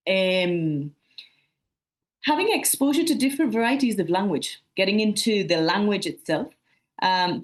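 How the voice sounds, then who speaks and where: Woman presenting at a conference, a bit low voice, friendly, lots of ums. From Sunderland, England. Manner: friendly, repetitive, fillers. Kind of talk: academic presentation.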